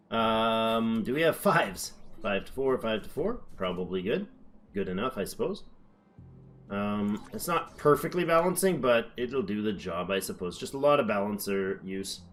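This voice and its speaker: A man's voice: lowish voice, fairly bright tone, slight background noise. A man giving casual gameplay commentary, chatty and thinking aloud as he builds, now and then slipping into playful accents. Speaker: gameplay streamer.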